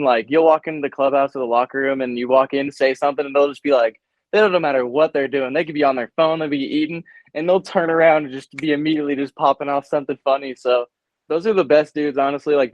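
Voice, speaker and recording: An energetic young man chats as an interview guest, slangy and hyped up. His voice sits on the higher side. The audio comes through dull and dry, like a remote call. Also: dry recording. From United States. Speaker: guest, baseball prospect. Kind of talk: casual interview chat.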